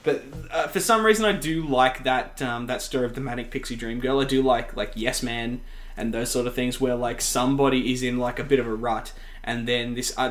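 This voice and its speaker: A man's voice: medium pitch, fairly bright tone, reverberant. A man, co-hosting a casual chat show, rambling and laughing often. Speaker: podcast co-host.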